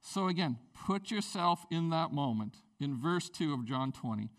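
Speaking at a moderate pace, a high-voiced pastor delivers a sermon in an easygoing, conversational style built around personal stories. His volume and pitch swing lively from hushed to loud, climbing sharply whenever he lands his point.

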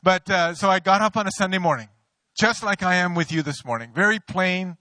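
A middle-aged man preaching a sermon, an animated storyteller who mocks himself and laughs often. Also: high voice, fairly quick, no echo. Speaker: pastor. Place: church sanctuary.

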